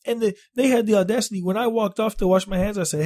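A man vlogging, telling a story in casual, profane talk, animated and exaggerating. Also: sits high, fast. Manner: animated, swears a lot, exaggerates.

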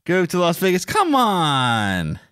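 Sarcastic man with a lively voice. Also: high voice, slow, clean tone. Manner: sarcastic, grumbling commentary. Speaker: board game show co-host. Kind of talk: casual play-through banter.

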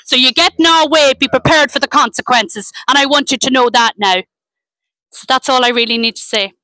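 A woman's voice: high-pitched, a little fast, sharp tone, no room sound, low-quality recording. An Irish woman from Dundalk giving an impassioned, defiant rally speech, repeating her points. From Ireland (Dundalk). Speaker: rally speaker.

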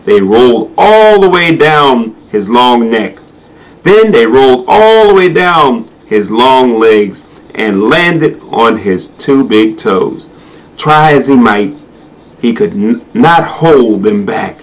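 A man reading a children's storybook aloud in a slow, expressive, sing-song manner. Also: medium pitch, rough recording. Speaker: narrator.

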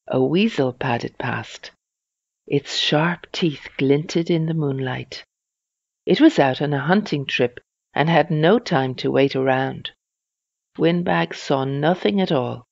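A reader telling a children's storybook in a slow, even storytelling manner. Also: mid-range voice, gravelly, no room sound, lo-fi sound.

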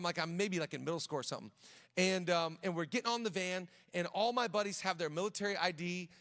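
A middle-aged man, a pastor, preaching a sermon in a casual, conversational way, breaking into personal stories with frequent restarts. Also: high-pitched. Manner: conversational, many restarts, drops to quiet storytelling. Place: large church auditorium. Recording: long hall reverb.

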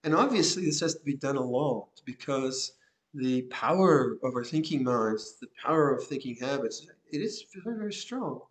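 An older man, a Buddhist monk, giving a gentle, reflective Dhamma talk with soft laughs and repeated phrases. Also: mid-range voice, lively intonation, normal speed. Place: monastery hall.

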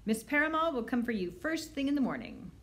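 A woman's voice: fairly high pitch, wildly swooping pitch, a little fast, voice pushed up. A woman voicing a fussy, pompous, thin male orphanage director, reading him aloud from a storybook.

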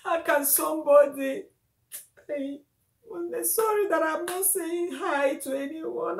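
A woman's voice: extremely high pitch, slow pace, creaky, reverberant. A woman crying as she talks to her viewers, wailing and repeating exclamations. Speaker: video blogger. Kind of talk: emotional lament to camera.

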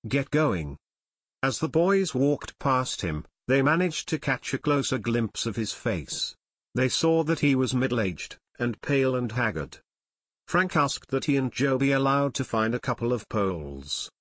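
A man narrates a full-length adventure audiobook, building suspense with a lively, widely moving pitch. His voice sits at an ordinary middle pitch, recorded close and dry with no room sound. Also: unhurried, dry recording. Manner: expressive, suspenseful storytelling.

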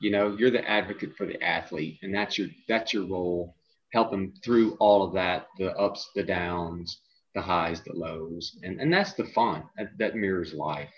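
A middle-aged man with a somewhat low voice hosts a casual podcast from a video call, and his sound comes through dull and lo-fi. He speaks haltingly, with plenty of "uh"s and repeated words as he works toward each point. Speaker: podcast host and coach.

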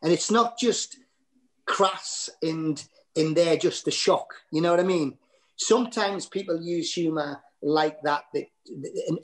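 Geordie man telling rambling stories. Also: fairly high pitch. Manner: rambling, restarts and fillers, quick to laugh at himself. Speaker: guest comedian. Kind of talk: anecdotal podcast chat.

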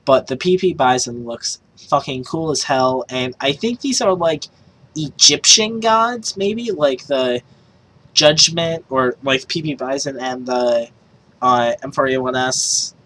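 A woman doing casual gaming commentary who swears a lot and breaks into excited shrieks and yells. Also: very deep voice, takes it slowly, a little hiss or hum, poor audio. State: yelling in excitement. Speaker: gaming streamer.

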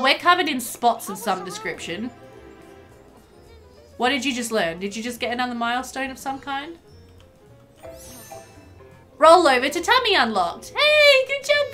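A woman's voice: high-pitched, bright, forceful tone. A young woman streaming a life-sim game, commenting as she plays and scolding the characters on screen in exasperation. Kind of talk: live gameplay commentary. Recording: faint game music underneath. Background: faint game music.

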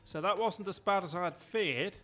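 A man giving excitable, chatty live commentary while he plays a game, joking to himself as he goes. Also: high-pitched, normal speed, soft background music. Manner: excitable, talks loud, quips at himself. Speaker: streamer.

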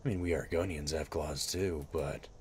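Gruff, wry lizard-folk adventurer, put on by a man for in-character game commentary, deep and dry, faint hiss behind. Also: fairly even intonation, normal speed, a little mellow. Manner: dry sarcastic asides. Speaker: streamer.

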